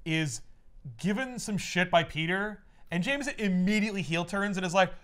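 A man on a casual comic book podcast, recapping a story with profane jokes and quick voices for the characters. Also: high voice, clear, resonant tone. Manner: animated, profane, acts out characters in jokey voices. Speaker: podcast co-host.

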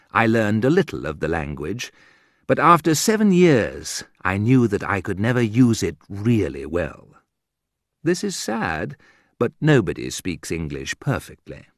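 Male narrator with a lowish voice reading humorous prose, ironic and dry, close and unreverberant. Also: fairly bright tone, no room sound. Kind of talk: reading a humorous essay aloud.

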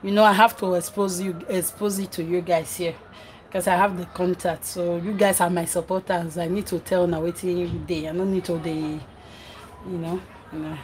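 On her cooking livestream, a middle-aged Nigerian mother and vlogger reads viewer comments out loud and tells off her kids in between. She speaks at a moderate pace in a lowish, level voice, and the audio is poor with slight background noise.

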